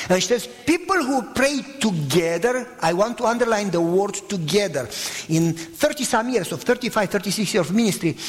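A middle-aged male pastor preaches in a high, lively voice, his pitch leaping up and down as he presses questions on the congregation. His words ring out with a long hall reverb behind them. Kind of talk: sermon.

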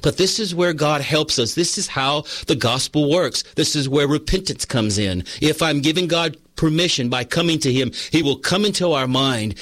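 A man's voice: fairly high pitch, a bit bright, no room sound. Earnest male preacher, dry close sound. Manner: earnest storytelling preacher, conversational with personal anecdotes. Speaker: pastor. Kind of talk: sermon.

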